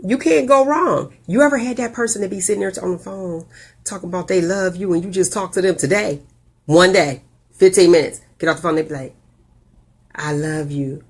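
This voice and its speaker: A woman hosting a casual live video show, telling stories with animated, jumpy delivery and big leaps in pitch on quoted lines. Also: fairly quick, slightly rough. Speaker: host.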